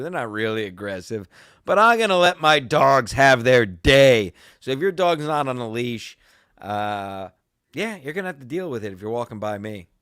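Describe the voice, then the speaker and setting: Another podcast episode finds a man ranting casually through a story, crude, combative and full of profanity. He speaks in a mid-range voice that is a little bright, clear and resonant, recorded dry with studio quality.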